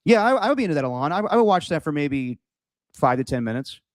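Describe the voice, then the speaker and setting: A man's voice: fairly high pitch, big pitch swings, fast, no room sound. A man co-hosting a sports podcast in casual chat, rambling with many "like"s and restarts. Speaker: podcast co-host.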